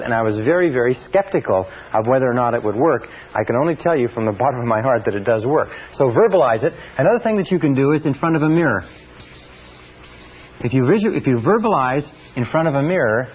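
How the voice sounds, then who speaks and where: A man giving a motivational seminar talk, emphatic, slowly repeating key phrases for effect. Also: mid-range voice, phone-quality sound. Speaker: seminar speaker.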